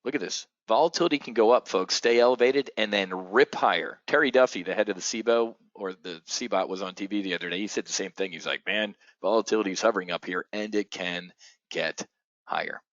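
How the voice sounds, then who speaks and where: A man hosting a live trading webinar, talking excitedly to his audience, swearing and calling them folks. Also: fairly low pitch, a little fast, dry recording, highs cut off.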